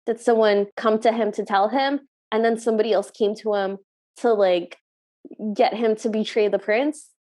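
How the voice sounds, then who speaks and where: A woman co-hosting a podcast, recapping a movie in casual chat and acting out the characters' lines with animated energy. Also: medium pitch, moderate pace. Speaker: podcast co-host.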